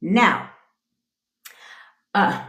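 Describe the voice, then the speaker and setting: A woman's voice: very slow, a bit bright. Woman coach hosting a phone livestream, brash, profane and commanding, echo from the room. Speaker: manifestation coach. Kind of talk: livestream pep talk. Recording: echoey room.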